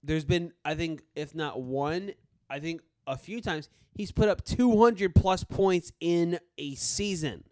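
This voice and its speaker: A man co-hosting a casual sports chat, eager and quick to restart his sentences. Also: a little high, darkish tone, no echo. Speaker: podcast co-host.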